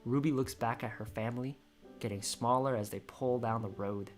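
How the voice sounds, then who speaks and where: A man reading a screenplay aloud in a casual way, excitable and choked up, often restarting his sentences. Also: mid-range voice, normal speed, faint music behind. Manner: excitable, emotional, with frequent restarts. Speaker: screenplay reader and commentator. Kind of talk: casual script read-through with commentary.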